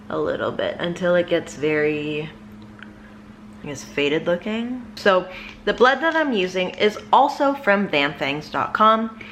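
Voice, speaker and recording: A woman's voice: on the low side, fairly bright tone, a little hiss or hum. A woman vlogger giving a casual step-by-step makeup tutorial, chatty and full of filler words.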